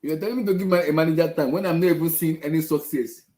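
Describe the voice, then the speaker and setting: This football fan channel host has a slightly high, warm voice and keeps a steady tone while talking fast. His casual rant is frustrated and repetitive, marked by exasperation. He's recorded in an echoey room.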